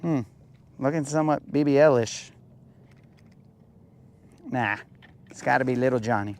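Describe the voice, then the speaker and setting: A young man from New Mexico, talking casually and joking while bass fishing from a boat on a lake. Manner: laid-back, jokey, drawn-out playful lines. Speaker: fishing vlogger.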